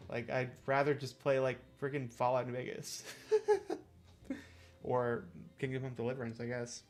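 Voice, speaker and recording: Casting: young guy streamer, loose rambly chat, mid-pitched, lots of fillers. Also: big pitch swings, moderate pace, faint music behind. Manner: rambling, filler-heavy, self-deprecating. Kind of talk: casual gameplay commentary.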